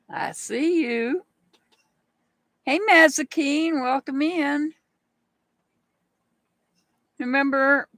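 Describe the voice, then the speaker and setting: A woman's voice: high-pitched, a bit bright, dry recording. A woman hosting a live rune reading stream, chatting casually and greeting viewers by name. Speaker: rune reader.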